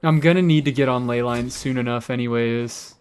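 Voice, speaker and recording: A man's voice: medium pitch, brisk, a little mellow, slight background noise. A young man chatting casually with his chat while streaming a game, sarcastic and swearing freely.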